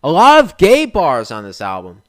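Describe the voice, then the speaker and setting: A man's voice: on the high side, wildly swooping pitch, normal speed, dry recording, studio quality. A young man hosting a podcast, ranting casually and with exasperation. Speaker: podcast host.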